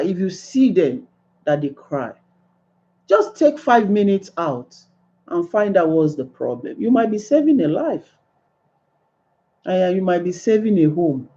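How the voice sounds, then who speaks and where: Earnest woman with a lively, swooping voice who pleads her points in a monologue. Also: medium pitch, dull audio. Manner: earnest, pleading, rising to exclamations. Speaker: speaker giving advice. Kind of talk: impassioned monologue.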